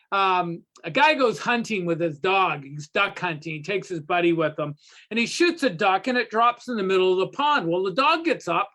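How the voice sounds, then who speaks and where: Over a video call, a man with a very high-pitched voice facilitates a recovery workshop. He teaches through spoken parables as an animated storyteller, repeating phrases for emphasis.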